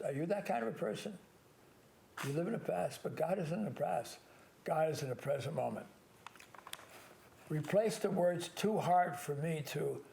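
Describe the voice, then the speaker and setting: An older man, a priest hosting a call-in show alone, giving earnest advice and slowly stressing key words. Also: a little high, vocal fry, a little mellow, slight background noise.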